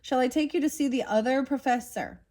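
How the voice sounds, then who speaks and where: A woman's voice: high-pitched, brisk, darkish tone, voice pushed up. A woman reading aloud as an absent-minded old male professor, cheerful and rambling.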